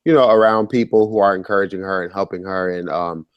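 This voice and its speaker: A young man co-hosting a casual chat show, talking with a voice roughened by illness, animated and quick to laugh. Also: low-pitched, no room sound, dull audio. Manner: animated, laughs often, reads listener letters aloud. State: sick, rough voice. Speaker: podcast co-host.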